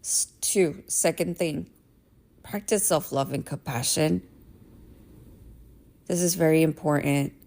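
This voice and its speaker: Woman podcast host, 30s, low voice with vocal fry, candid casual monologue, swears, keeps checking in with "right?". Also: slow, long pauses, a little mellow. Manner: candid and emphatic, swears, says "right?" often.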